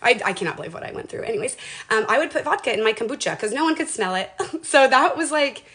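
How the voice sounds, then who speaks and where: A lifestyle livestreamer in her forties from Washington State talks casually, earnestly and emotionally on a motivational livestream, rambling and often restarting. Her voice is fairly high, expressive and a bit bright, with a quick pace.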